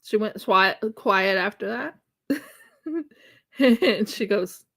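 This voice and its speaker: A woman's voice: mid-range voice, drawn-out words, vocal fry, pauses often. An American woman chatting casually during a craft livestream, telling a funny story and acting out its dialogue. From United States. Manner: chatty, animated, acts out dialogue in her story. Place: home craft room.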